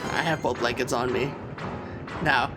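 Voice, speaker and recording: A man casually telling a story while playing a game, animated and loud when quoting people. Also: medium pitch, unhurried. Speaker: co-host of a gaming channel. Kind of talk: casual storytelling during gameplay. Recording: game music behind the voice. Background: video game music.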